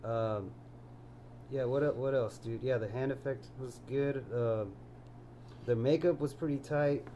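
A man's voice: mid-range voice, steady tone, unhurried, warm tone, muffled recording, a little hiss or hum. A man co-hosting a podcast, chatting casually about a movie in a laid-back way and saying "dude" a lot. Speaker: podcast co-host. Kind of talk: casual movie review chat.

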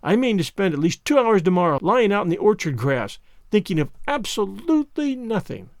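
A man's voice: high voice, dry recording, studio quality. A man reading as an effusive teenage schoolgirl. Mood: joyful. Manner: earnest, effusive, quick when excited. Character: eager, dramatic teenage girl student.

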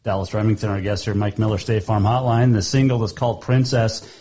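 A man hosting a radio interview, talking in a relaxed, easygoing way. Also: fairly low pitch, a little fast, highs cut off. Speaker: radio host.

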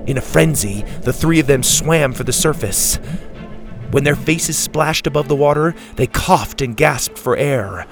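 Guy reading a kids adventure story, slow and expressive, soft music under it. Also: medium pitch. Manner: calm, expressive, unhurried. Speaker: narrator. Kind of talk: children's storybook narration. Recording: faint music behind.

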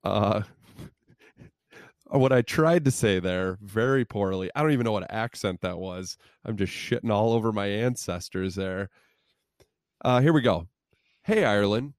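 A man with a lowish voice co-hosts a podcast, chatting in loose, rambling banter full of self-deprecating asides. The sound is dry and close, with no room echo. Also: unhurried. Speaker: podcast co-host.

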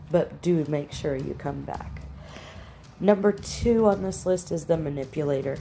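Low, mellow-voiced woman giving direct advice. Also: moderate pace, slight background noise. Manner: direct, plain-spoken, gives firm practical instructions. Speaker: relationship advice teacher. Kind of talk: instructional talk to camera.

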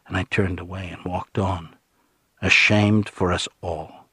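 A man with a husky voice, narrating an audiobook in a low, grave, hushed tone. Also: steady tone, a little slow, no room sound, clean studio sound.

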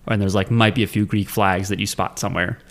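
A man's voice: lowish voice, steady tone, creaky. Joking man chatting on a podcast. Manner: joking, rambling, quick asides. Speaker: podcast co-host. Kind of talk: casual chat.

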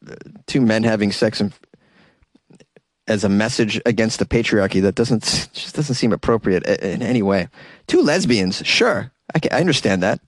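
A man's voice: mid-range voice, dry recording. A man hosting a podcast in a casual, comedic commentary style, sarcastic and mock-enthusiastic, chuckling as he talks. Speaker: podcast host.

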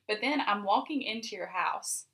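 A woman co-hosts a relaxed podcast with her sister. She tells stories in an animated way and breaks into laughter often. Her voice sits in an ordinary middle pitch. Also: normal speed. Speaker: podcast co-host. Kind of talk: casual chat.

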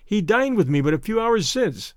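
A man reading aloud and voicing a strong, calm adventurer who speaks in a measured, courteous way. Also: high voice, no room sound, studio quality, voice pushed up.

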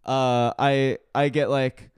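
A man, a comedian, chatting casually on a podcast, talking in halting restarts with swearing. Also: medium pitch, flat delivery, smooth, no room sound, clean studio sound. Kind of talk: casual chat.

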